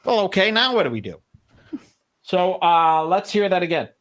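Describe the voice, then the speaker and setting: A man's voice: high-pitched, sing-song, normal speed, fairly bright tone. A man on a livestream, commenting sarcastically and telling an anecdote with acted-out quotes.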